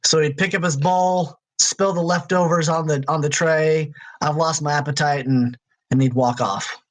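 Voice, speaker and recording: A man with a slightly high voice runs a tabletop role-playing game as game master. He narrates in halting bursts, stopping and restarting his sentences. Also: fairly even intonation, rough recording. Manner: halting, many restarts and fillers.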